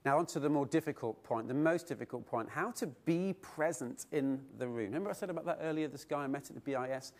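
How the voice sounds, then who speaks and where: A middle-aged man giving a keynote speech at a conference, telling stories and asking his audience rhetorical questions. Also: fairly high pitch. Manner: lively storytelling with rhetorical questions. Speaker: keynote speaker. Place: conference hall.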